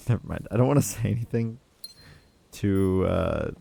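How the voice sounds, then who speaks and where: Gravelly low-voiced male streamer. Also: unhurried, dark tone. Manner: laid-back, rambling, self-mocking. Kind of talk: casual gameplay commentary.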